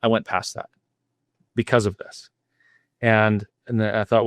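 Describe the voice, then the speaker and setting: A man's voice: lowish voice, level tone, unhurried, pauses often, fairly bright tone, no room sound, studio quality. A middle-aged man from Alberta, a guest cafe owner, telling his story candidly and earnestly with frequent restarts. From Alberta, Canada. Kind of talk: interview storytelling.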